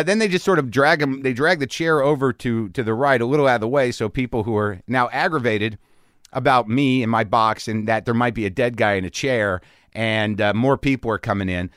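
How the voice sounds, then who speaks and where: A man hosting a podcast, telling a story in a casual, animated way and acting out the people in it. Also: medium pitch, no echo, clean studio sound. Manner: animated, acts out the people in his stories. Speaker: podcast host. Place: home garage studio.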